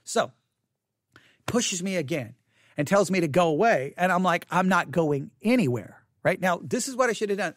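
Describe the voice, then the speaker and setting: A man's voice: high-pitched, animated, moderate pace, dry recording, clean studio sound. A middle-aged man preaching a sermon, telling a personal story candidly and repeating himself for emphasis.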